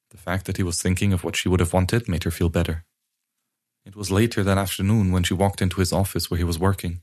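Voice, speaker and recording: A man narrating an audiobook in a steady, even reading manner. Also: sits low, fast.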